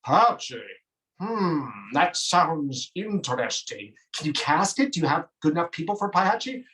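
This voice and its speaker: A man voicing a brisk female executive director who questions in a measured, skeptical way. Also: sits low, sing-song, a bit bright, far from the mic, low-quality recording.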